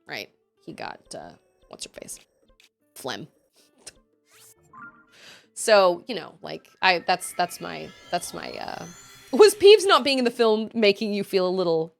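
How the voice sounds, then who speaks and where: A chatty woman in her thirties talks casually while she plays, answering her chat. Her voice moves up and down a lot as she talks. Soft background music plays under her voice. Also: medium pitch, smooth. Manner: chatty, reads chat aloud, laughs often. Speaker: streamer.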